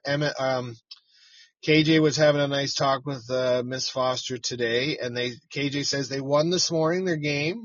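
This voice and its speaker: A man's voice: mid-range voice, fairly bright tone, dry recording, dull audio. A middle-aged man, a chicken farmer hosting a casual live stream from his parked truck, rambling, cursing freely and chatting to viewers by name.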